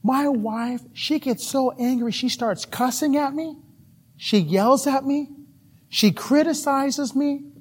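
Brief: resentful husband avoiding church, complaining and high-pitched, voiced by a preacher. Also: male voice, takes it slowly. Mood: bitter. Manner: bitter, complaining.

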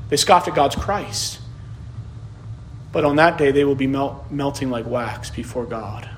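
A man's voice: on the high side, a little hiss or hum. A man preaching a sermon as pastor, repeating key phrases as his delivery builds in intensity.

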